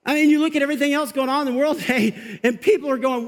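A male pastor giving an energetic, conversational sermon in church, getting fired up and laughing as he talks. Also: very high-pitched, fast talker. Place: church sanctuary. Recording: long reverb of a large hall.

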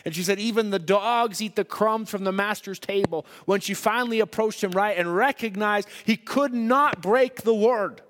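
A man preaching a sermon in a church hall, swinging between loud emphatic lines and hushed ones. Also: high-pitched, moderate pace, few pauses. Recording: long hall reverb.

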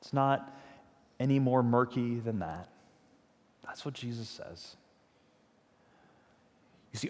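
A man preaches a sermon, retelling a story in a chatty yet emphatic way. His voice sits at an ordinary middle pitch. The sound rings with the long echo of a large church hall. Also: takes it slowly, long pauses. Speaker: pastor.

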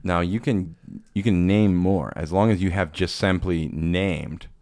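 Casting: male podcast host, very low voice, loose rambling banter. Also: measured pace, a little mellow, no room sound, clean studio sound. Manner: rambling, joking, frequent restarts. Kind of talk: casual chat.

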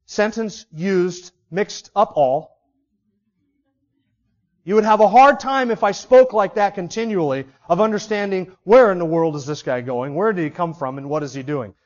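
A man's voice: sits high, muffled recording. A man preaching an expository sermon as pastor, teaching emphatically through rhetorical questions.

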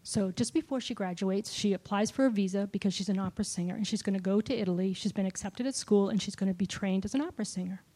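A middle-aged woman giving a personal testimony sermon, telling a story with lively shifts and dropping to a whisper for quoted lines. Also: mid-range voice, quick pace, few pauses. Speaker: speaker at a church gathering.

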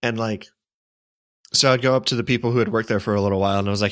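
A man's voice: fairly low pitch, fairly even intonation, racing, fairly bright tone, no echo, studio quality. Young man telling a rambling story. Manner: rambling, self-deprecating, with frequent restarts. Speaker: podcast co-host. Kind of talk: casual storytelling chat.

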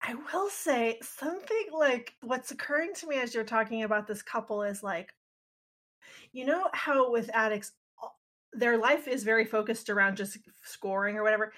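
Co-host, woman, bright tone, muses aloud and hedges, self-deprecating asides. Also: a little high, moderate pace. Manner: musing, hedging, with self-aware asides. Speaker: podcast co-host. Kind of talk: casual chat.

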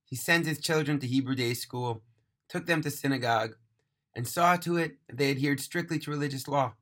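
Male storyteller, mid-pitched, bright and clear, dramatic read-aloud delivery. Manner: earnest, emphatic, slowing on key phrases. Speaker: narrator.

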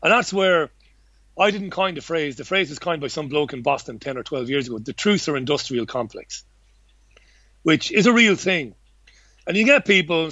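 A man's voice: fairly high pitch, sharp tone, dry recording. A man talking as an interview guest about his work in journalism, rambling and blunt, with many restarts and the odd swear word. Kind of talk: casual conversational interview. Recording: dull lo-fi dry recording.

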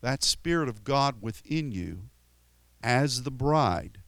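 A man's voice: animated, slow pace, a bit bright, no echo. A man preaching a sermon in an earnest, rambling way with many restarts, sometimes rising sharply for emphasis. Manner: rises sharply in pitch and volume for emphatic quotes.

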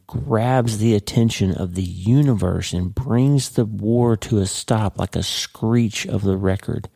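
A man hosting a devotional podcast, teaching earnestly and slowing down to stress key words. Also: lowish voice, creaky, dark tone, slightly rough, no room sound, clean studio sound. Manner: earnest, emphatic, slows down for dramatic stress.

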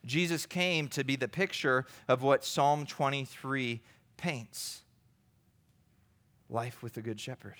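A man's voice: medium pitch, slow, long pauses, a bit bright. A man preaching a sermon in an earnest, conversational way, building to emphatic rises.

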